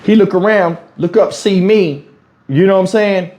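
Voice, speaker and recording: A man, home-recorded on a clip-on mic, spins a story in a casual vlog. His voice sits a bit high but mellow and warm in tone. He acts out each exchange with lively, unfiltered talk. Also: moderate pace. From Houston, Texas. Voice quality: animated storyteller, acts out quotes, swears freely. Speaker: YouTube commentator. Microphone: wireless lavalier mic.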